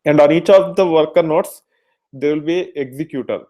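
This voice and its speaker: A man's voice: a little high, normal speed, dull audio. Man lecturing with many filler sounds. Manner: explanatory, many fillers and restarts. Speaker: instructor. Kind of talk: technical lecture.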